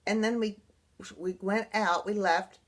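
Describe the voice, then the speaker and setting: Lady rambling through a personal story, earnest, mid pitch, restarts a lot. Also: steady tone, a little slow. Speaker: blogger sharing personal experience. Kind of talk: casual personal storytelling to camera.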